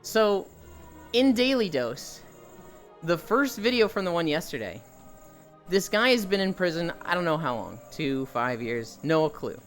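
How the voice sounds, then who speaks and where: A live streamer walking on a treadmill while chatting casually with viewers, telling animated stories and swearing freely. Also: medium pitch, unhurried, soft background music.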